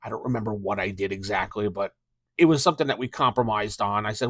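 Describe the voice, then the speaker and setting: A man's voice: lowish voice, steady tone, fast, a bit bright, no room sound. A middle-aged man, a dungeon master hosting his own channel, talks casually and in a rambling way, with many fillers and restarts. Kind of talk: casual talk to camera about tabletop gaming.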